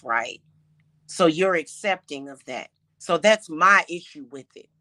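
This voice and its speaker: Her voice sits on the low side with a slightly bright quality. She's a witch with her own channel, speaking off the cuff in an indignant, emphatic rant that keeps restarting and repeating words.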